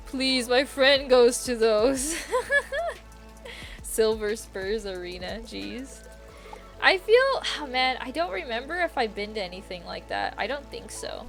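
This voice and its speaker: A woman's voice: fairly high pitch, very animated, a little slow, creaky, soft background music. A young woman streaming a game, chatting casually, giggling often, with slang and swearing. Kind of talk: casual chat while gaming.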